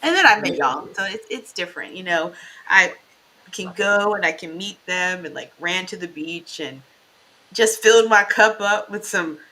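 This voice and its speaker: A woman's voice: lowish voice, normal speed, rough recording. A woman from Baltimore, a co-host chatting expressively on a talk show. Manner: lively and expressive. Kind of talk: casual talk show chat.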